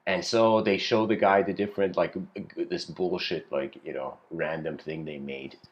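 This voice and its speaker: A man with a very low voice gives a casual spoken lecture. He tells a parable in a loose, rambling way, filling gaps with "you know" and soft chuckles. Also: steady tone, moderate pace, dull audio.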